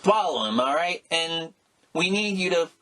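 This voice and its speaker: A middle-aged man co-hosting a casual podcast, rambling and animated, with many restarts and exclamations. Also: a little high, normal speed. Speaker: podcast co-host. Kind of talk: casual chat.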